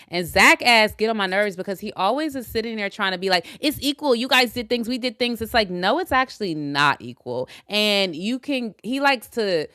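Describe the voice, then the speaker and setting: A woman co-hosting a casual chat, opinionated and animated, laughing often and restarting her sentences when she is unsure. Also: medium pitch, no echo, clean studio sound. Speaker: podcast co-host.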